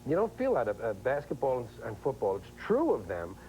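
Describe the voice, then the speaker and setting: A middle-aged man, a comedian guest who chats wryly and lively, slipping into impressions. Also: mid-range voice, brisk, a little hiss or hum, rough recording. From New York. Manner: wry, animated, slips into impressions. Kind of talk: casual chat.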